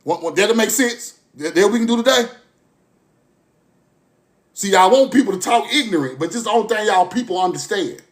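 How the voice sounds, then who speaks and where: A man delivers a passionate, profane monologue straight to his listeners. His voice sits high, and he keeps circling back to the same phrases. He moves from forceful outbursts to low, muttered stretches. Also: lively intonation, brisk, long pauses. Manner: forceful, repetitive, profane, swings from loud to low. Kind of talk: impassioned monologue to camera.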